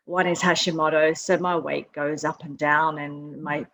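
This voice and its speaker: A woman's voice: sits low, level tone, normal speed, fairly bright tone. A woman in her fifties with an Australian accent, a nutrition coach guest talking frankly in an interview. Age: 50s. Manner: frank, laughs easily. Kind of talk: interview conversation.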